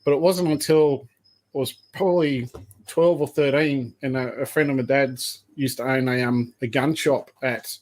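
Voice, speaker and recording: A man's voice: medium pitch, steady tone, normal speed, a little mellow. A man in his fifties with an Australian accent, a podcast guest rambling through long anecdotes. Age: 50s. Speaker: guest, python breeder. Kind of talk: casual podcast chat.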